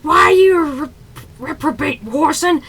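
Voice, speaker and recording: A woman voicing a stern, fiery ship captain who shouts rebukes at a crewman. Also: high-pitched, unhurried, pitched above the performer's own voice. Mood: furious. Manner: shouted outrage, clipped rebukes.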